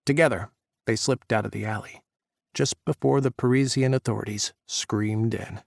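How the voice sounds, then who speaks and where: A man narrating an audiobook, voicing the characters' shouts during the action scenes. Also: fairly low pitch, fairly even intonation, normal speed, gravelly, no room sound, studio quality. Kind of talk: scripted narration.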